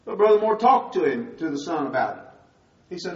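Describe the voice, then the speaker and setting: An older man preaches a sermon, sharing his testimony conversationally before building to emphatic moments. His high-leaning voice has a sing-song lilt and a slightly fast pace, and the recording sounds distant, roomy, and dull.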